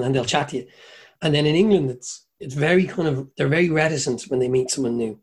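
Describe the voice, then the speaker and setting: A man's voice: on the high side, quick pace, breathy edge. A man with an Irish accent telling long, rambling stories in a casual chat, swearing freely and mimicking people.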